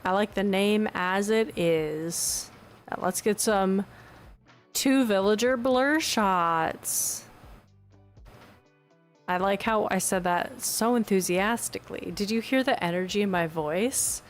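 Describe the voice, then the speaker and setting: A woman streaming a video game, chatting casually with her viewers and reacting brightly to the game. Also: medium pitch, a little slow, soft background music. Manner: chatty and bubbly, reads out chat messages. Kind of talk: casual live-stream chat.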